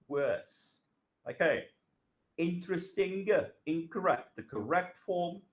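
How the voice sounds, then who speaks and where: A middle-aged man teaching a recorded grammar lesson, slow and patient, repeating phrases and asking the students questions. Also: medium pitch. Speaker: English teacher.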